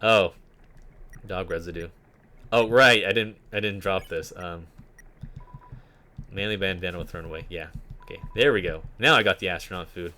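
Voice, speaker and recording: A man's voice: deep voice, moderate pace, long pauses, pushed and bright. A man streaming a game, rambling casually with many fillers and reading game text aloud. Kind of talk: casual gameplay commentary.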